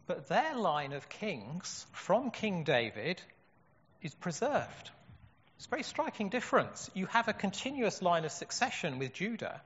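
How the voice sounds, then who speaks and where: A man's voice: sits high, very animated, unhurried, a bit bright, slightly rough. A man preaching a sermon in an earnest way, asking rhetorical questions. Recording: dull echoey hall.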